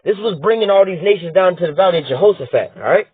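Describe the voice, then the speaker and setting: Brief: blunt, profane male commentator with a husky voice, recorded dry on thin phone-like audio. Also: sits high, expressive, fast, dry recording. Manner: blunt, profane, rhetorical, repeats "all right?". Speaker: political commentator. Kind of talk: heated profane commentary reading news aloud. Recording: tinny phone-like dry sound.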